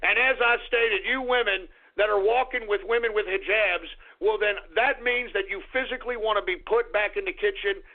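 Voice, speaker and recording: A radio host on an angry, crude rant. His voice is very high and gravelly. The sound is thin and tinny, like a phone line. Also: normal speed, hardly any pauses. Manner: angry, crude, insulting ranting. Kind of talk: ranting talk radio monologue.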